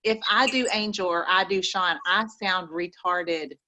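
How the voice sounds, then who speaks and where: A woman's voice: lowish voice, a little slow, bright, forceful tone, lo-fi sound. A woman with an East Texas accent giving folksy, preachy motivational advice on a group call. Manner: folksy, preachy, says y'all.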